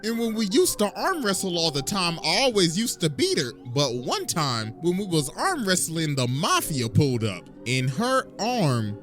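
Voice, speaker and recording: A man's voice: a little high, wildly swooping pitch, moderate pace, few pauses, a bit bright. A man doing a smug rich kid. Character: rich young boy, smug and storytelling. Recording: music playing clearly underneath.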